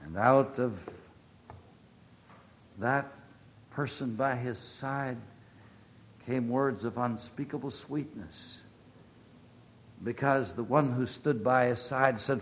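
Male preacher with a mid-range voice, delivering a sermon with big swings from ringing declarations to hushed near-whispers. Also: medium pitch, slow, long pauses.

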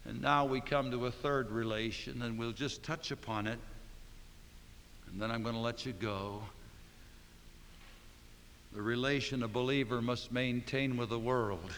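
A male pastor preaching a sermon, moving from quiet, even talk to loud, slowed-down emphasis on key words. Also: medium pitch, a little hiss or hum. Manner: dramatic swings between soft and loud, slowing for emphasis. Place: church sanctuary. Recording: reverberant hall.

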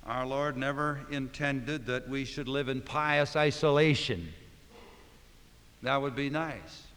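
A male pastor delivers a sermon in a church sanctuary, his voice trailing off into a long hall reverb. He drops to a near hush, then slows and rises to forceful, drawn-out emphasis. His pitch sits in an ordinary middle range. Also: clean tone. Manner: dramatic swings between soft and loud, slowing for emphasis.

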